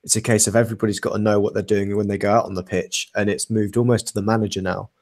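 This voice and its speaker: A man's voice: on the low side, level tone, fast, a little mellow. A young man co-hosting a casual football podcast, talking things through in a thoughtful, analytical way with frequent ums and uhs. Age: young adult. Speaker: podcast co-host.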